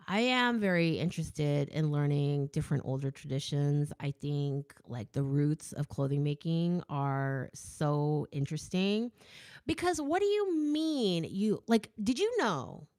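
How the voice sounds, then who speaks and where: An American woman chats casually as the host of her own show, answering viewer comments. Her voice sits on the low side, and she talks with emphatic, animated asides. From United States. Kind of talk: casual chat.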